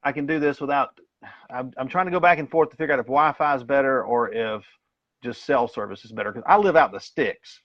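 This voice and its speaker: A man's voice: mid-range voice, a little fast, no room sound. A man from Tennessee, a guest on a live call, talking casually on his phone and rambling with frequent laughs and restarts. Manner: rambling, self-deprecating, laughs often. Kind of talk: casual chat. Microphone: phone on a video call. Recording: dull lo-fi phone audio.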